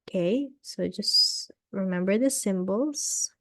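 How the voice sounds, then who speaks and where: Slow, patient woman teaching vowel sounds. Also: fairly low pitch, a little mellow, no echo, clean studio sound. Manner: patient, repeats sounds, frequent "okay". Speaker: English pronunciation teacher. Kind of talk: slow phonics lesson.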